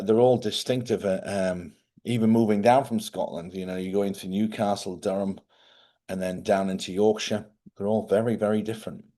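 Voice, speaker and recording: A man hosting a live stream, chatting casually and rambling as he thinks out loud. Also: fairly low pitch. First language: English.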